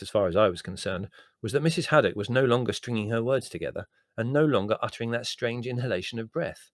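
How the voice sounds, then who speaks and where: A man's voice: fairly low pitch, fast, no room sound. A man reading a comic memoir aloud in a wry, dry and understated storytelling manner. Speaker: narrator.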